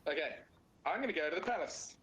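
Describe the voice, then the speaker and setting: A bright, slightly high-pitched Australian man plays a tabletop game. He talks through his moves with plenty of "um" and restarts. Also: expressive, fast, slight background noise, poor audio. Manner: hesitant, filler-heavy, talks through his actions. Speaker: player. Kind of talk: casual tabletop game chat.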